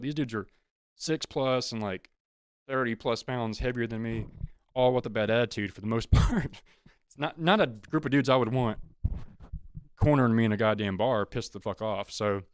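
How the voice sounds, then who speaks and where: A man of middle pitch tells a story on his podcast, swearing freely and driving each point home. His voice is smooth and resonant, and the recording is dry, with no room sound. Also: dry recording. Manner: profane, blunt, animated. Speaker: podcast host and session drummer. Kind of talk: casual storytelling monologue.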